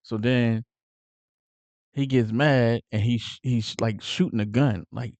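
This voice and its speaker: A man casually recapping a mob movie, rambling with fillers and acting out the characters' lines in a lively way. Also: medium pitch, moderate pace, dry recording. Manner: animated retelling with acted-out quotes. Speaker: movie reviewer.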